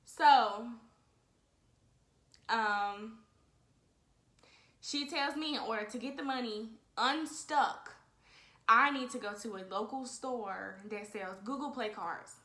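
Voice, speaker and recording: A woman's voice: a little high, slow pace, long pauses, pushed and bright. A woman in her twenties telling a story casually and animatedly, talking straight to her viewers and often saying "y'all". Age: 20s. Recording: echoey room.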